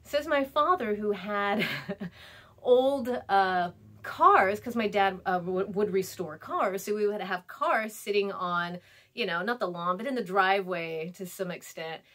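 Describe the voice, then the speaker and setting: A chatty woman in her thirties talks through a class reading in a loose, rambling way. She fills her talk with ums, laughs and little acted-out quotes. Her voice sits at a middle pitch. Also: a little slow, fairly bright tone. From California, US. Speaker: instructor. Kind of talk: recorded lecture.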